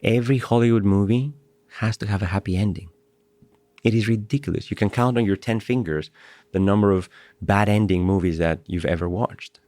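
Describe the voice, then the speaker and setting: A man's voice: fairly low pitch, fairly quick, a little mellow, no echo. A middle-aged man from Greece, a professor guest on a podcast, telling stories animatedly, laughing often and repeating words as he starts. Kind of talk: conversational podcast interview.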